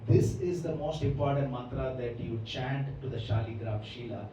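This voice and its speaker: Through a muffled recording with a little hiss or hum, a man with a dark, mid-range voice teaches a Bhagavatam class at a moderate pace. He explains the scripture at length, often pausing to ask "right?". The hall is echoey and the mic sits far away.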